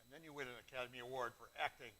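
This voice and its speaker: A man co-hosting a live wine tasting, making quick teasing asides. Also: mid-range voice, fairly even intonation, sharp tone, poor audio. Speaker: co-host reading sponsor lines. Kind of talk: casual live-stream chat.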